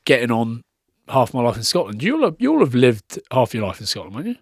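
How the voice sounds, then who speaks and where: A man's voice: medium pitch, a little fast, breathy edge, no room sound, clean studio sound. A man in his thirties with an English accent, a podcast guest telling stories casually with some swearing. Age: 30s. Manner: swearing, animated storytelling.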